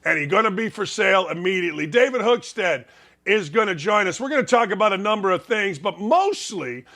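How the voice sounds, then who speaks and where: Brash high-voiced sports talk host. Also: male voice, expressive, fairly quick, sharp tone. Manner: brash, folksy, emphatic with repetition. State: congested, sneezing. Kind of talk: opinionated sports talk monologue.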